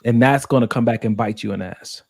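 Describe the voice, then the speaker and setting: A man in his thirties talks through relationship questions on a casual podcast, earnest and reflective. His voice sits at an ordinary middle pitch and is recorded close and dry with no room sound. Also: fast, gravelly, no echo. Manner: earnest, reflective, speeds up when making a point. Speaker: podcast co-host.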